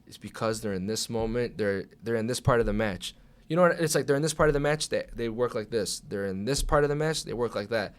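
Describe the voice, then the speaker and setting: A young man, a guest on a casual podcast, who swears freely and acts out his own past thoughts with animated delivery. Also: mid-range voice, fast talker. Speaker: podcast guest, pro wrestler. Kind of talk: casual chat.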